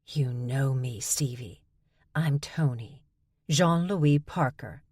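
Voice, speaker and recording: Woman voicing jackal shifter sister, stern, indignant, low, audiobook. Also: takes it slowly, darkish tone, husky, no echo, studio quality, heavily acted. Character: angry protective older sister jackal shifter.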